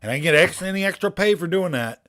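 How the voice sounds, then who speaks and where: A man's voice: high voice, expressive, fast, a bit bright. A man, a poker streamer telling long rambling stories in casual, profane chat.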